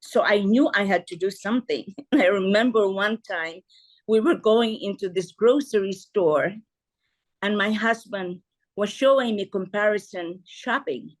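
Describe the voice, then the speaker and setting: An older woman from the Philippines, a podcast guest telling stories from her life with animated delivery and frequent laughter. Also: medium pitch, a little slow. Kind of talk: casual storytelling interview.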